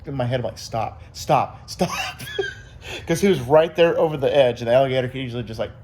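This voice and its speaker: A man's voice: mid-range voice, racing, a little mellow, a little hiss or hum. Rambling upbeat male vlogger. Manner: rambling, upbeat, lots of fillers and quoted voices. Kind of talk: casual vlog storytelling.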